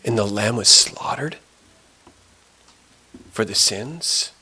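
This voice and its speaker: A man's voice: fairly low pitch, bright, forceful tone, breathy edge, voice pushed down, full character voice. A man playing a remorseful thief on a cross. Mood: uneasy. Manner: sneering at first, then pleading and halting.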